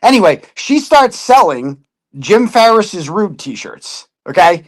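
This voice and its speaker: A man's voice: sits high, sing-song, unhurried. A man in casual chat, telling a story with lots of swearing and putting on other people's voices. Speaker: podcast guest.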